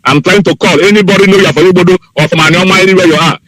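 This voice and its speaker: A man's voice: sits high, fairly even intonation, very fast, fairly bright tone, dry recording. A man calling into a radio show, pleading fervently and repeating his appeals over a phone line. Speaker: caller. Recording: dry phone call.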